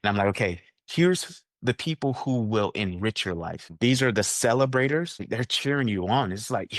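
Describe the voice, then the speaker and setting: A man speaking as an interview guest, with a middle-pitched voice in a dry, close setting. He brings in quoted people with lively put-on voices as he explains his ideas. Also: normal speed, few pauses, no room sound. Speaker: guest coach. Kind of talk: conversational interview.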